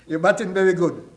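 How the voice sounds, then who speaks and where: A man with a Kittitian accent giving a folksy, teasing parliamentary budget speech as a government minister. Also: high voice. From Saint Kitts and Nevis. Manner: folksy, teasing, joking with colleagues. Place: parliament chamber. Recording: roomy echoing chamber.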